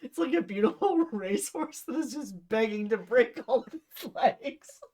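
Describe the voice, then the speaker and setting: A woman's voice: on the high side, lively intonation, measured pace, mellow. A woman co-host who makes sarcastic, giggly comments during casual comic banter.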